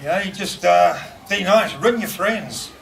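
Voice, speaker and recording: Nz guy, bit high and gravelly, laughing thru a eulogy, far from the mic with lots of noise. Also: lively intonation. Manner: halting, laughing, fond storytelling. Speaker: eulogy speaker. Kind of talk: memorial speech with anecdotes. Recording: distant mic, noisy room.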